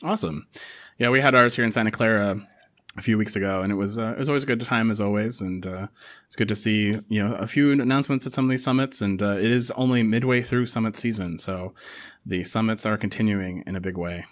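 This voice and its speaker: A man hosts a casual tech podcast in a rapid, chatty flow, peppering his talk with fillers. His voice sits fairly low. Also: fairly bright tone. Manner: quick, chatty delivery with frequent fillers. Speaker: podcast host.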